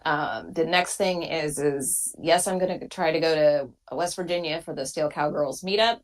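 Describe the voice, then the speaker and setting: A woman's voice: low voice, normal speed, poor audio. A woman rider being interviewed, speaking casually and hesitantly with many fillers. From Washington State. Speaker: interview guest, motorcycle rider.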